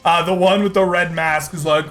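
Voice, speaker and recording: A man's voice: fairly high pitch, steady tone, fairly bright tone, soft background music. A man running a tabletop game as game master, narrating the action with frequent laughs. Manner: unhurried, laughs often.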